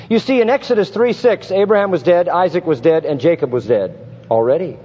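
A man preaching an expository sermon, emphatic and building to forceful peaks with rhetorical questions. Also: a little high, fairly quick, slightly rough. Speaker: pastor. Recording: dull lo-fi sound with long hall reverb.

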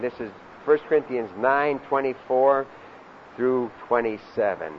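An older man preaching a sermon, swinging between loud emphatic lines and low asides, and leading the congregation in reciting scripture. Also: unhurried. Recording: dull lo-fi sound with faint hiss.

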